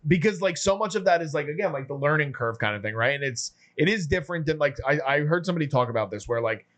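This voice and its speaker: A man's voice: a little high, lively intonation, quick pace, fairly bright tone. A man co-hosting a casual film review, speaking thoughtfully and putting questions to the others. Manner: thoughtful, poses questions to the group. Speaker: podcast co-host.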